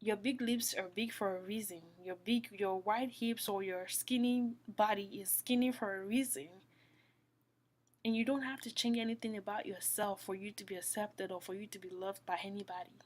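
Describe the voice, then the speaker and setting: A woman giving a heartfelt devotional talk, earnest and repetitive, often falling to a soft whisper. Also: medium pitch, fairly even intonation, moderate pace. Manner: earnest, repeats phrases, drops to soft whispers. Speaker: Christian speaker.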